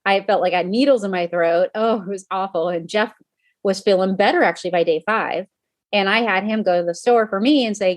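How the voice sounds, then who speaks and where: A woman's voice: medium pitch, fairly quick, no room sound. Chatty woman coach, dry close sound. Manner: chatty, talks straight to listeners as "you guys"; many "um" fillers and self-corrections. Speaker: podcast host and coach. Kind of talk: casual personal storytelling podcast.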